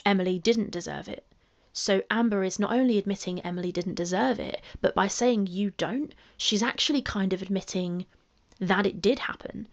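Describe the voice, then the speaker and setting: A woman with a calming voice giving measured commentary, reading messages aloud and asking pointed rhetorical questions. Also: medium pitch, muffled recording. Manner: analytical, emphatic rhetorical questions.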